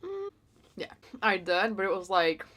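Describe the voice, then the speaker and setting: A woman's voice: medium pitch, big pitch swings, a little slow, a bit bright. A woman hosting an eating show, chatting casually and rambling with lots of fillers. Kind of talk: casual chat while eating.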